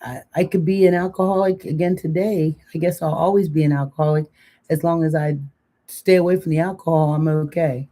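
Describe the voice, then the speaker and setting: The speaker is an older woman co-hosting a casual live chat, a talkative joker prone to long rambling tales. Her warm voice sits low, with fairly even intonation and a slightly fast pace.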